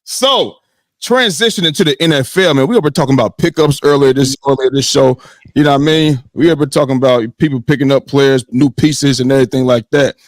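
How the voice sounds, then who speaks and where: A man hosting a sports podcast in casual, animated talk, swearing freely and often checking in with "you know what I mean". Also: medium pitch, brisk, dry recording, studio quality.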